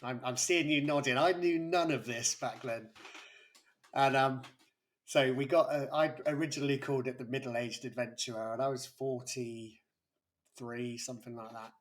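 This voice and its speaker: A man in his forties, a guest on an interview, telling a personal story in a halting way with many restarts. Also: medium pitch, steady tone. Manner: halting, with frequent restarts and a breaking voice. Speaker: interview guest, YouTuber and school pastoral lead.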